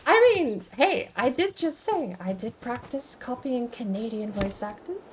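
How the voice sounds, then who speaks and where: A woman streamer chats casually, musing aloud and answering chat comments as they come, often restarting her sentences. Her voice is a little high, expressive and unhurried, with slight background noise.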